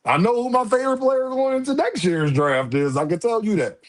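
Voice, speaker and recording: A man hosting a casual livestream, firing off lively, repetitive shout-outs to viewers with slangy banter. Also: very high-pitched, fairly quick. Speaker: livestream host.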